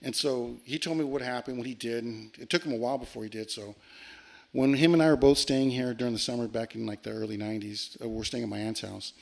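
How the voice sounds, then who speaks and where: A man telling a long ghost story on a podcast, animated and profane, acting out the lines he quotes. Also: mid-range voice, quick pace, creaky. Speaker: podcast guest. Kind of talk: casual storytelling.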